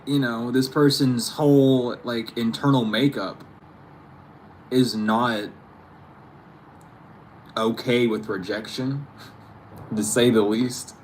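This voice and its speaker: A man's voice: mid-range voice, darkish tone, slight background noise. Chatty laughing man giving a tarot reading. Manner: chatty, laughs often, slangy asides. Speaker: tarot reader. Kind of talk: casual spiritual reading to camera.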